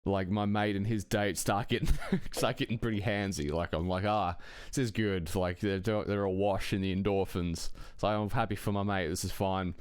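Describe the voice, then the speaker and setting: A man's voice: deep voice, fairly even intonation, normal speed, few pauses, clean tone. A man telling a personal anecdote in a casual, rambling way, swearing often and chuckling between phrases. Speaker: storyteller.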